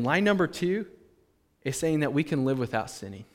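A man preaching a sermon as pastor, animated, acting out imagined speakers and swinging between loud and soft. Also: medium pitch, normal speed, big-room sound.

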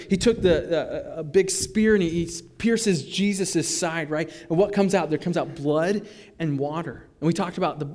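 A male pastor preaching a sermon in a conversational, animated way, with frequent restarts. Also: a little high, long reverb tail.

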